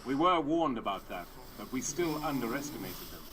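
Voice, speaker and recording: A man's voice: mid-range voice, very animated, normal speed, background noise, close to an everyday voice. An actor playing a dutiful officer reporting to his general in a video game cutscene, formal and urgent.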